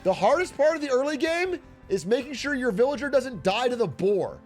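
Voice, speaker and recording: Extremely high-pitched, brisk, and very animated, this young man chats casually while streaming a strategy game. He jokes, swears, and works through his nerves out loud, repeating himself when anxious. Faint game music runs behind him.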